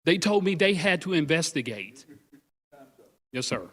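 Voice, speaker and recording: Guy pleading at a county meeting, kinda high voice, getting emotional. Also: very animated, unhurried, a bit bright, big-room sound. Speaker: residential appraiser speaking at public comment. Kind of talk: public comment at a committee meeting. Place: county government meeting room.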